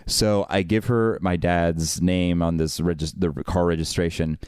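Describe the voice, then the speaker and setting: A man co-hosting a podcast, telling a long story in an exasperated, animated way with many fillers and restarts. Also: deep voice, measured pace, clear, resonant tone, no echo, studio quality. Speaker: podcast co-host. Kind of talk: casual storytelling chat.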